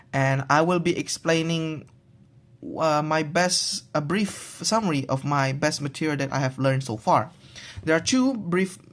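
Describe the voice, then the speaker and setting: Young guy doing a class presentation, stops and restarts a lot, drags out the example words. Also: fairly high pitch. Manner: halting, with frequent restarts and drawn-out example words. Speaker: student presenting a pronunciation assignment.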